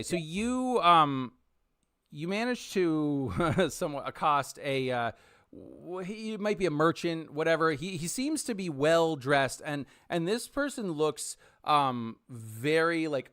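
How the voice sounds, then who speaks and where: A man's voice: a little high, animated, slow, a bit bright, no room sound, clean studio sound. A man narrating a tabletop game as game master, rambling with many fillers.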